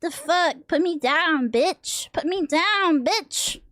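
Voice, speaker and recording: A woman's voice: extremely high pitch, animated, takes it slowly, fairly bright tone, no echo, clean studio sound, voice pushed up, full character voice. A woman doing a screeching furious baby girl. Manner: shrieking, cursing demands. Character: furious swearing baby girl being held.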